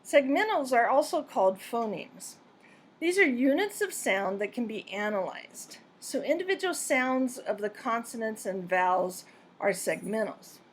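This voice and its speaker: A woman narrating a scripted pronunciation lesson in a clear, deliberate and measured way. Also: a little high, expressive. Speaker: pronunciation teacher.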